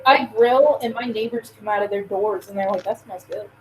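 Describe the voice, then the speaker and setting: A woman's voice: medium pitch, brisk, over a noisy crowd, rough recording. A woman chatting casually, telling a blunt, crude story and acting out the dialogue. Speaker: podcast co-host. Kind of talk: casual chat.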